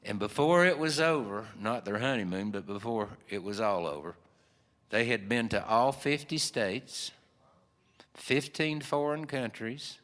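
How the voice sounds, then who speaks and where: A man's voice: mid-range voice, unhurried, a bit bright. A man with an Appalachian accent telling a folksy story in a rambling, easygoing way full of fillers. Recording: long hall reverb.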